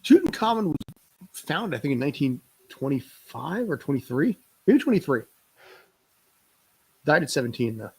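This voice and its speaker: A man with a husky, breathy voice chats casually while watching a film with friends. He keeps dropping joking asides and laughing between remarks. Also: on the high side, sing-song, normal speed, pauses often, a little mellow. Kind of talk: casual watch-party chat.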